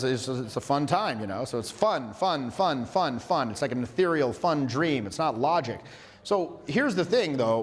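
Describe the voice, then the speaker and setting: A man coaching a class in a casual teaching talk, who acts out quotes in silly high voices. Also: long reverb tail. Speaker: social skills coach.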